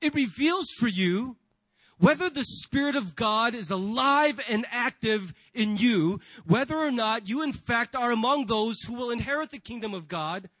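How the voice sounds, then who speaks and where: A man's voice: very high-pitched, animated, moderate pace, bright, forceful tone, no echo, poor audio. A man preaching a sermon as pastor, asking the congregation rhetorical questions and acting out inner voices. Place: church.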